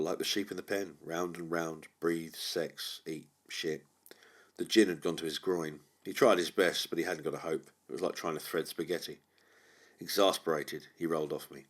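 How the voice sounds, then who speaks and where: A man narrating a horror audiobook in a measured, brooding way. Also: low voice, steady tone. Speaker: audiobook reader.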